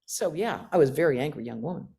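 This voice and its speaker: Woman, 60s, American nun, animated storyteller, slightly low voice, self-mocking humor. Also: fast, creaky. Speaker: guest speaker, nun. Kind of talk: storytelling talk with questions.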